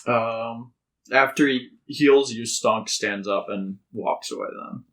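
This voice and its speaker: A man narrating as game master at a slow, unhurried pace. His voice is bright and forward, and he pauses on fillers while he thinks. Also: medium pitch.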